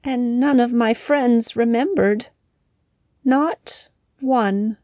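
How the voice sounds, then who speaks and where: A woman voicing a sweet young hen in a storybook, high and chirpy, hoping someone remembers her birthday. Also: extremely slow, dark tone, dry recording, studio quality. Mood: sad.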